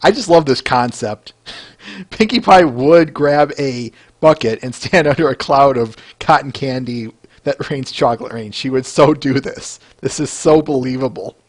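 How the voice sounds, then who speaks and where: A man's voice: medium pitch, measured pace. A man hosting a podcast, chatting casually and enthusiastically about fan art. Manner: enthusiastic, chatty, with fillers and laughs. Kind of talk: casual chat.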